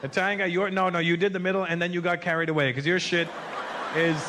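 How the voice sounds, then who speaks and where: A man doing stand-up on a club stage, ranting loudly and incredulously. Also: high-pitched, flat delivery, quick pace, background noise. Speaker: stand-up comedian. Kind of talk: stand-up comedy.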